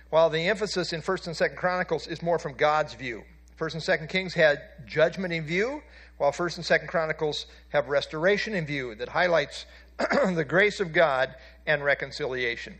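A man's voice: on the high side, fairly bright tone. A man teaching a Bible class, explaining from handout pages and asking his listeners questions, with frequent "uh" fillers.

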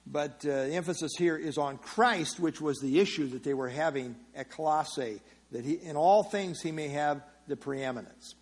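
A man's voice: on the high side, normal speed, breathy edge. A man teaching a Bible passage verse by verse in an explanatory sermon style, often repeating key phrases.

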